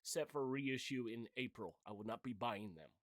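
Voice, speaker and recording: A man's voice: mid-range voice, normal speed, no echo, clean studio sound. A middle-aged man hosting his own channel, delivering a blunt, heated, profane opinion rant. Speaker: channel host.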